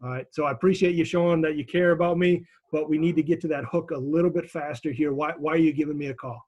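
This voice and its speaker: A man leads a class over a video call, giving direct, encouraging feedback. His voice sits a little high and he restarts phrases often as he talks. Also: fairly even intonation, fast, a little mellow, lo-fi sound. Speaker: instructor.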